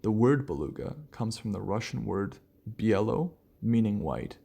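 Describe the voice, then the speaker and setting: A man hosts a relaxed solo podcast in a low, gravelly voice. His tone is dark and a little husky, and he rambles along with frequent restarts and fillers. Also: normal speed. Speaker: podcast host.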